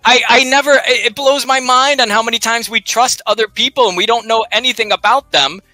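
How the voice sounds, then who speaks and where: A man's voice: very high-pitched, steady tone, brisk, sharp tone, no room sound, soft background music. A man co-hosting a live library research show, talking casually and animatedly, throwing rhetorical questions and jokes at the audience. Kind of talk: casual live instructional chat.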